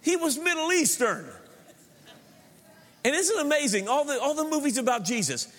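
A pastor with a high voice preaches a sermon in a church hall with long reverb. At a moderate pace with long pauses, he hammers his points home through emphatic repetition and breaks into joking asides, staying animated and punchy throughout.

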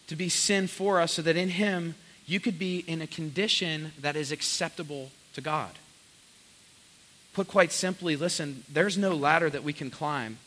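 A young man preaching as a pastor, telling lively stories with quick voiced asides. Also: a little high, rough recording. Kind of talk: sermon.

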